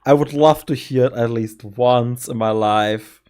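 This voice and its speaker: A man from Germany, a native German speaker, hosting a stream and planning a campaign as game master, rambling and giggly with quick bursts. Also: medium pitch, a little mellow, clear, resonant tone.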